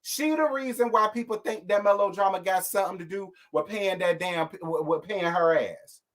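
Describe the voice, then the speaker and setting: Sassy fired-up man with a high voice. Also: moderate pace, a bit bright. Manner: sassy, fired-up, blunt with cursing. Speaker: host. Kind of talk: casual live-stream rant.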